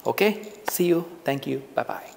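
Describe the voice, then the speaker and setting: A man teaching public speaking to the camera in a relaxed, conversational way, often repeating phrases for emphasis. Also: mid-range voice, normal speed, creaky, big-room sound, slight background noise. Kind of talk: casual on-camera lesson. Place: indoors, filming himself on camera. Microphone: camera mic, speaking to camera.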